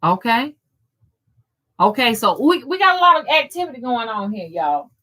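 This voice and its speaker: A woman's voice: a little high, sing-song, moderate pace, pushed and bright. A middle-aged woman, hosting a casual livestream chat, folksy and profane, greeting viewers by name. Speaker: rootworker and channel host.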